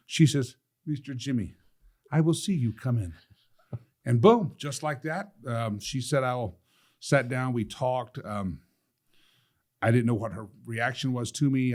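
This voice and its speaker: A middle-aged man in a sit-down talk, telling a personal story with animated quoting of other people. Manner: lively, quotes others with changes of pitch and loudness, laughs often. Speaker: guest telling his story.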